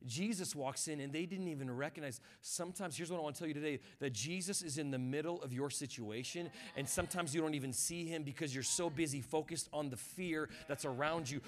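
High, bright-voiced preaching man. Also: a little fast. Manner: passionate preaching that builds to shouts; conversational, with repeated words and restarts. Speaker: guest pastor. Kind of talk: sermon.

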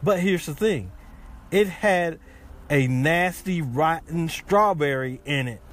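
A man's voice: fairly high pitch, takes it slowly. A man hosting a casual podcast, chatting in a rambling way with many restarts. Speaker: podcast host. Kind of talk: casual chat.

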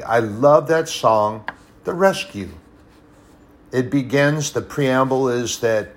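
A man preaching a sermon, telling personal stories, swinging between hushed and loud, emphatic passages. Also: mid-range voice. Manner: storytelling, personal anecdotes.

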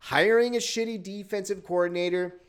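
A man's voice: sits high, fairly even intonation, moderate pace, smooth. A man from Wisconsin hosting a casual sports podcast, ranting in an exasperated, profane way. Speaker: podcast host.

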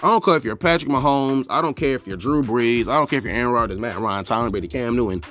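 A man's voice: mid-range voice, fast, fairly bright tone, soft background music. A young man hosting a casual solo sports podcast, rambling and talking straight to teams as "y'all" with lots of restarts. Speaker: podcast host.

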